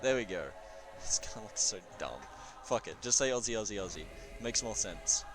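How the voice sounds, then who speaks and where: A man swearing and chatting excitably while explaining a multiplayer strategy game, sometimes chanting. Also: lowish voice, moderate pace, over music. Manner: profane, excitable, chanting at times. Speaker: gamer in multiplayer session. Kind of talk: casual gameplay commentary.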